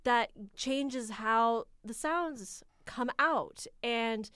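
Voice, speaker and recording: An American woman co-hosting a casual film review, opinionated and quick to laugh. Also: a little high, bright, forceful tone, smooth, no room sound, studio quality. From United States.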